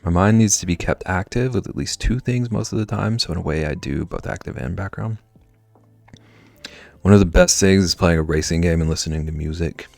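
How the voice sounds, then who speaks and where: A deep-voiced man with a creaky, gravelly edge chats loosely on a livestream, drifting from thought to thought with filler words. His voice sounds close and dry. Faint music plays underneath. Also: fairly quick, a little mellow, no room sound. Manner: rambling, answers chat, filler "like". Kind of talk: casual stream chat.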